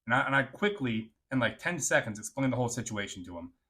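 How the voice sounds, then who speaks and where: A man telling a casual, crude and joking storytime, animated and often checking in with the listener. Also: mid-range voice, fast talker, breathy edge.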